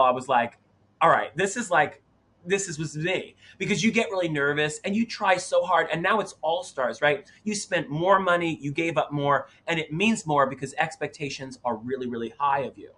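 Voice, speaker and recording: A man's voice: fairly high pitch, fairly quick, hardly any pauses, sharp tone. A man in his thirties co-hosting a casual chat, talking dramatically and acting out other people's voices. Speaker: co-host.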